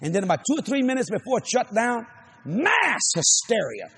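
Husky, lively-voiced preacher man. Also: high voice, moderate pace. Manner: animated, shouting and laughing, acts out voices. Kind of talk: sermon storytelling.

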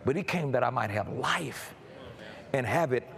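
A man preaching a personal testimony, swinging from quiet storytelling to shouted emphasis and often stammering repeated words. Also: medium pitch, expressive, moderate pace, gravelly. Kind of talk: sermon testimony.

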